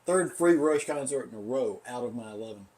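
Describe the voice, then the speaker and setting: A man's voice: mid-range voice, expressive, brisk, a little mellow. A man with a Southern accent, co-hosting a casual tasting chat and telling rambling stories with frequent laughter. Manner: rambling storyteller, laughs often. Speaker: podcast co-host.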